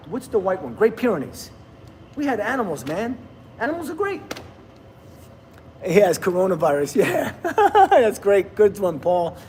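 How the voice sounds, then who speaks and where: A little background noise accompanies a middle-aged man whose voice is fairly high and a bit mellow. He hosts a relaxed livestream where he chats, laughs, and reads viewer comments aloud.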